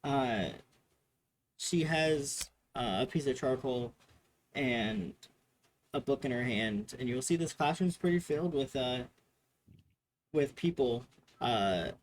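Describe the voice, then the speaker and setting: Male GM, narration for a tabletop game, hesitant delivery, mid pitch. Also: expressive, slow, pauses often, a little hiss or hum, poor audio. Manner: hesitant, many fillers. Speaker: game master.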